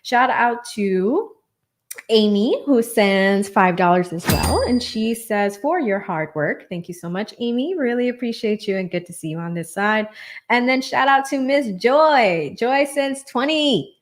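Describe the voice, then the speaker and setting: A woman's voice: a little high, expressive, a little slow. A woman hosting a livestream, chatting casually, thanking donors and laughing often. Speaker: livestream host.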